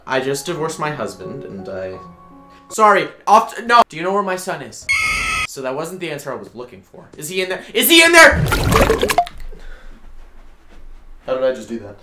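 A man's voice: medium pitch, close to an everyday voice. A man voicing a flustered, newly divorced mother searching for her son, rambling and breaking into shrieks. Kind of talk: comedic role-play over gameplay. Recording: roomy sound with game music.

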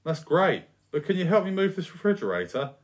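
A man's voice: high voice, very animated, a little fast, voice pushed up. A distracted dad talking through a strained grunt, as a male narrator acts him out. The voice sits a little above the narrator's own and moves about a lot. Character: distracted father straining at a fridge.

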